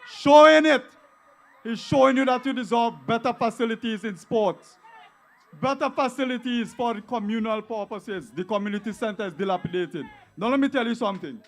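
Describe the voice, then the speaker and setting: A Vincentian man giving a fiery, mocking campaign rally speech, often shouting to the crowd. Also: very high-pitched, moderate pace. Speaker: political rally speaker.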